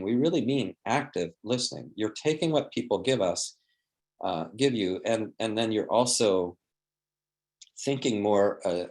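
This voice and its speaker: A man leading a training lecture, explaining in a thoughtful way and acting out example phrases, often restarting his sentences. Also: lowish voice.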